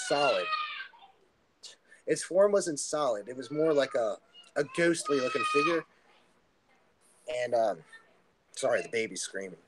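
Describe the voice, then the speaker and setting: A man's voice: mid-range voice, no room sound. Earnest rambling man, dry sound. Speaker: podcast guest. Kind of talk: casual testimony storytelling.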